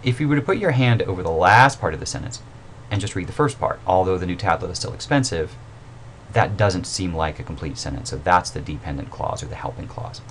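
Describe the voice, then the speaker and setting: A man with a very low voice walks through a grammar lesson in a loose, conversational way. He pauses on fillers and corrects himself as he goes. A faint hiss sits under the recording. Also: expressive, fairly bright tone. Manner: informal and explanatory, with fillers and self-corrections. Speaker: writing instructor. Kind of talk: recorded mini-lecture.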